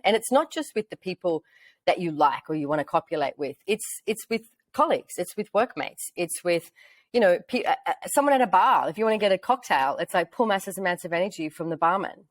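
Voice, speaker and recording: A woman with an Australian accent, chatting casually as a podcast host and acting out bits of dialogue as she tells stories. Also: no room sound. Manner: animated, acts out quoted dialogue in a high voice. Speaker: podcast host, relationship facilitator. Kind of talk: casual storytelling chat.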